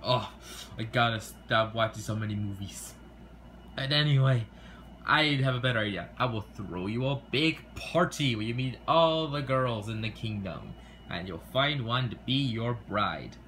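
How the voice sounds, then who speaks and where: A man's voice: mid-range voice, expressive, moderate pace, a bit bright, a little hiss or hum, lightly acted. A man voicing a muddled, fussy old king who dotes on his son, in a homemade toy skit. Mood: pompous.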